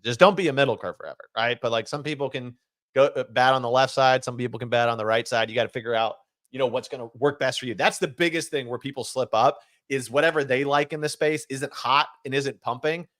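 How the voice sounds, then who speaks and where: A man's voice: mid-range voice, quick pace, fairly bright tone, no room sound. A man co-hosting a casual podcast chat, talking loosely with lots of fillers and restarts. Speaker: podcast co-host.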